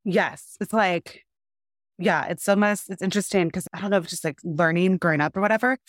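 A woman's voice: fairly low pitch, fairly quick, no room sound, clean studio sound. A young woman, a mother of two small children, talking candidly and a bit rambling on a coaching call. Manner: candid, rambling, acts out her kids' lines. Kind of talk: casual coaching conversation.

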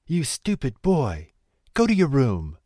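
A man voicing a poor, angry mother in a storybook reading, in a raised, sharp scolding voice. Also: mid-range voice, animated, measured pace, no room sound, studio quality. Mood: furious.

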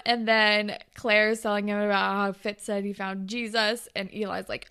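A woman's voice: mid-range voice, level tone, moderate pace, sharp tone, clear, resonant tone. A woman co-hosting a podcast, chatting casually about a TV episode, acting out the characters' lines and laughing often. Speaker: podcast co-host. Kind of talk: casual chat recapping a TV episode.

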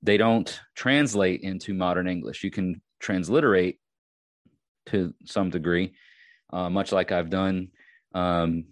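A man's voice: deep voice, measured pace, no echo. A man from Long Island with a Long Island accent, hosting a casual solo podcast and rambling with many restarts and fillers. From Long Island, New York. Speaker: podcast host.

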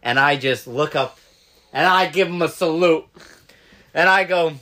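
A man's voice: on the high side, a little slow, sharp tone. A man telling a funny story in casual chat, acting out the voices of the people in it and laughing often.

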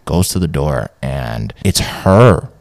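A man's voice: very deep voice, animated, slow pace, creaky, a little mellow, no echo. A young man co-hosting a podcast, retelling a story in casual slang and acting out the quotes with animation. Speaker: podcast co-host.

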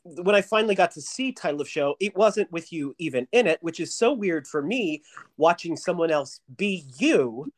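A man's voice: fairly high pitch, expressive, normal speed. A man hosting a casual interview podcast, chatting and reminiscing with a guest, with a lot of fillers and restarts. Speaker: podcast host.

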